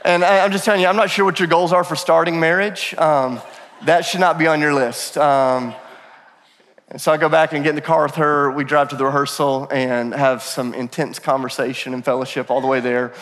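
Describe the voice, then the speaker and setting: A male pastor in his thirties preaching a sermon, telling stories in an animated way with self-deprecating humor. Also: on the high side, brisk, a little hiss or hum. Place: church sanctuary. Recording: long church hall reverb.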